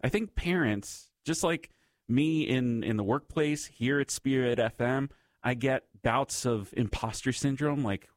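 A man's voice: medium pitch, measured pace, no echo. A man hosting a faith-based radio talk segment, speaking to listeners in a conversational, reflective way. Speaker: radio host.

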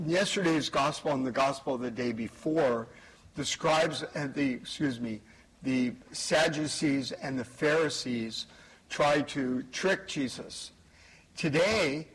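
Slow, husky priest giving a homily. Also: male voice, mid-range voice, fairly bright tone, rough recording. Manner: slow, measured, emphatic preaching with pauses. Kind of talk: homily at Mass. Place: church.

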